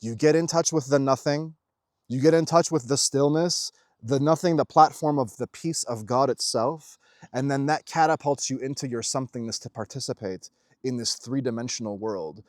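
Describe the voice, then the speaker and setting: A young man giving a casual, emphatic spiritual monologue as host of his own channel, swearing freely and shifting quickly in intensity. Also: medium pitch, dry recording, clean studio sound.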